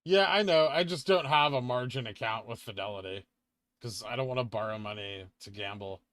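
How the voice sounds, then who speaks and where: A man's voice: mid-range voice, brisk, a bit bright, no room sound. A man hosting a casual livestream, reading viewer questions aloud and answering them, saying he is getting tired. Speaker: livestream host reading chat.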